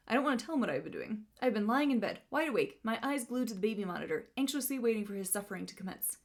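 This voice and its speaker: A woman's voice: medium pitch, expressive, fast, few pauses. Amused woman reading book excerpts. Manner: amused, laughs while reading. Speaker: book vlogger. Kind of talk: casual book review reading excerpts aloud.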